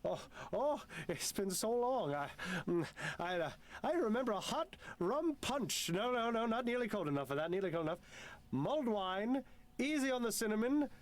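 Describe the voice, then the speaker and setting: A man doing a haughty Victorian gentleman. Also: high-pitched, very animated, normal speed. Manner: haughty, bossy, theatrical. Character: pompous fussy Victorian gentleman.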